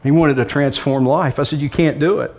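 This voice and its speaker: Middle-aged pastor guy preaching to a church, kinda higher voice, jokey and chatty. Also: fairly even intonation, fairly quick, a little mellow. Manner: conversational preaching with humor and quoted dialogue. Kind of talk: sermon. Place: church sanctuary with congregation.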